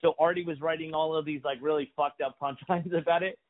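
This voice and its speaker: A man's voice: fairly high pitch, quick pace. A comedian telling a long story in a casual chat, swearing freely and acting out the lines of the people he quotes. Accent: New York. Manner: profane, animated storytelling with acted-out quotes. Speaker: comedian guest. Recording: phone-like lo-fi audio.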